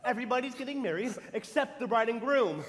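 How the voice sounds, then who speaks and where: A young man plays a frantic, blustering producer who is always on edge, with a very high, lively voice. He is heard on a school stage with a long echo. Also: fast, background noise. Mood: flustered. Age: teens. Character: frantic, nervous middle-aged male show producer. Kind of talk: stage musical acting. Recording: reverberant auditorium stage.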